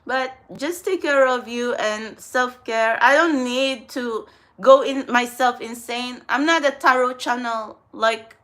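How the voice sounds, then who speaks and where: A woman's voice: fairly high pitch, slow, a bit bright. A young woman talking to her viewers in a casual get-ready-with-me vlog, blunt and rambling, swearing often. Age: young adult. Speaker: spiritual channel host.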